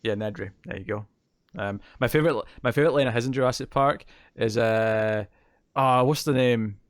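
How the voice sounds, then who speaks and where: A man's voice: medium pitch, moderate pace, no echo, studio quality. Rambling man co-hosting a podcast. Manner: rambling, laughs often. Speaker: podcast co-host. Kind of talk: casual chat.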